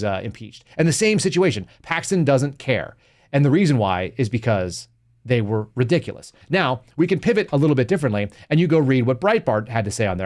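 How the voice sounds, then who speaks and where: A man's voice: medium pitch, a little mellow. Sarcastic man hosting a podcast. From Texas. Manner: combative and sarcastic, reads articles aloud. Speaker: podcast host. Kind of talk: live political commentary.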